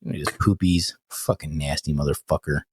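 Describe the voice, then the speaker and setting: A man's voice: very deep voice, steady tone, normal speed, darkish tone, slightly rough, dry recording, clean studio sound. A man hosting a casual comedy podcast, reading jokes and cursing at his co-host in mock anger. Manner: profane, teasing, mock-angry.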